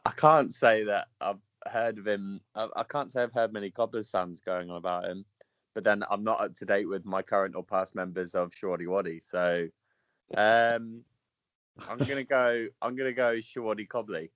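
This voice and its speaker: A lower-voiced man trades dry, wry remarks while he guesses his way through a podcast quiz. The audio is dull and lo-fi, close and dry. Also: normal speed, dry recording. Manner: dry, wry banter, laughs at the questions. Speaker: podcast co-host, quiz contestant. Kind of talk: casual podcast chat.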